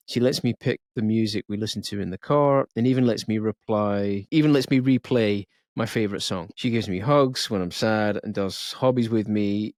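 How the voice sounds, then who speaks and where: Low-voiced man reading a confession. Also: a little mellow, dry recording, clean studio sound. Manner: reads with small stumbles and self-corrections. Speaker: podcast co-host. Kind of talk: reading a listener confession aloud.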